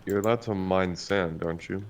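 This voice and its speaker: A man with a very deep voice chimes in with short, dry, teasing remarks as a friend watches someone play. A faint noise sits under his voice. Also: moderate pace. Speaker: friend chatting along on the stream. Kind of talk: casual chat.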